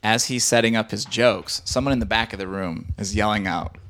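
A man's voice: on the low side, fairly quick. A male comedian chatting casually and telling a story, acting out the voices of the people in it. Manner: animated, acts out quoted voices.

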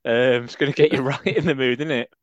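A man's voice: mid-range voice, steady tone, fast, dry recording. A man co-hosting a podcast in casual chat, teasing his co-host with dry humour and stumbling over his restarts. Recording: dull lo-fi sound.

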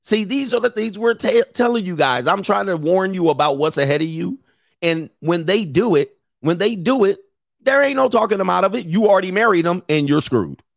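A man's voice: high voice, lively intonation, brisk, vocal fry, dry recording. Blunt, lecturing man, dry close sound. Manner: blunt, lecturing, repeats phrases for emphasis. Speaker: commentator host. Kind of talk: opinionated commentary.

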